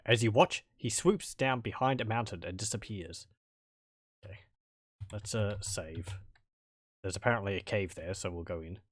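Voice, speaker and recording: A man's voice: fairly low pitch, a bit bright, dry recording, clean studio sound. A man casually commenting on a game as he plays, with wry, rambling asides and chuckles. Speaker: let's play commentator.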